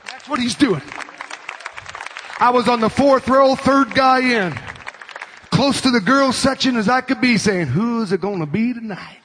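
A man preaching as a pastor, shouting and urging his congregation on, with a crowd heard behind him. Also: very high voice, a little slow, pauses often, a little hiss or hum. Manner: shouting, urgent preaching with call-and-response. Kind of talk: sermon.

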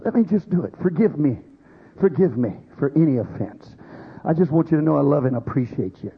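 Husky-voiced preacher man, lively and high. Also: fairly quick, narrow, tinny audio. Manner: animated preaching with voiced quotes. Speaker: pastor. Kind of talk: sermon.

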